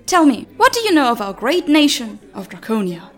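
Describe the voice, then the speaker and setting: A man's voice: extremely high pitch, very animated, a little fast, faint music behind, pitched above the performer's own voice. A man voicing a gushing, flamboyant female chancellor of a dragon people with a put-on German accent, formal and theatrical.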